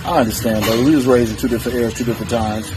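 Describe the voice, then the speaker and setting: Brash man, cursing trash-talk rant, mid voice, backing music clearly audible. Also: medium pitch, fairly even intonation, very fast. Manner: profane, boastful and defiant. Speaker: challenger in a strength feud. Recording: music playing under the voice.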